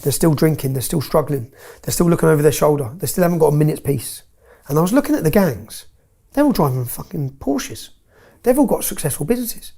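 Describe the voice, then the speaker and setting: A man's voice: fairly high pitch, expressive, fairly quick, gravelly, mellow. A man tells his story in an interview, bluntly and with swearing, often checking in with "yeah?".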